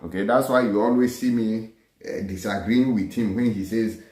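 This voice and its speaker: A man's voice: medium pitch, normal speed, darkish tone. A man from Nigeria giving combative, scolding commentary on news clips. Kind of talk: opinionated commentary over clips. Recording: roomy echo.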